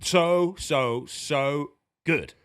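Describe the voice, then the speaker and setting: A man putting on the voice of a male star footballer, gushing over a press quote in slow, drawn-out words. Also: fairly high pitch, a bit bright, smooth.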